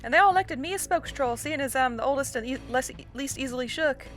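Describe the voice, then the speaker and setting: A woman's voice: high-pitched, fast, a bit bright, faint music behind. A woman voicing a cheerful, tough country troll girl in a put-on Southern drawl, folksy in manner. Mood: determined. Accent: put-on American Southern.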